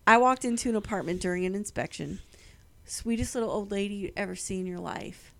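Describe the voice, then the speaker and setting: A woman's voice: mid-range voice, brisk, creaky. A woman in casual chat, telling stories animatedly and acting out the voices of people she quotes.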